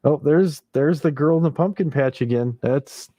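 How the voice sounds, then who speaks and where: A man's voice: a little high, normal speed, dark tone, dry recording. A man hosting a casual late-night livestream, chuckling often and reading viewer comments aloud. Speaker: livestream host.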